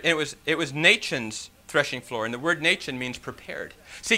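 A man's voice: sits high, sharp tone. A man preaching a sermon, reading scripture and then explaining it with rhetorical questions and folksy "you know" asides.

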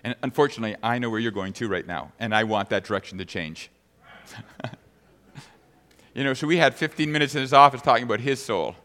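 A man's voice: mid-range voice, fairly quick, pushed and bright, in a large hall. A man preaching a sermon as pastor, reading scripture aloud and then speaking conversationally to the congregation.

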